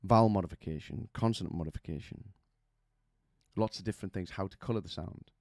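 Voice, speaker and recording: A man's voice: low voice, a little fast, darkish tone, dry recording, studio quality. A man coaching singers, explaining vocal technique with images and questions to the listener.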